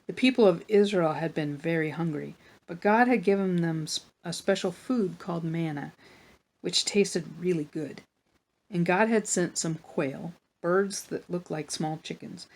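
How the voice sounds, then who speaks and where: A woman reading a children's Bible story aloud for a church, in a plain, gentle storytelling manner with small asides. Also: fairly low pitch, measured pace.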